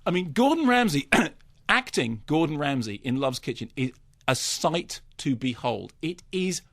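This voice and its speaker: A man's voice: a little high, very animated, unhurried, a bit bright. A man giving a ranting, mock-indignant film review in casual radio studio chat. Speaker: film critic.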